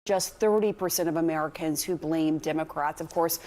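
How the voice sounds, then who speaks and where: Low-voiced female TV news interviewer. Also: moderate pace, a little mellow.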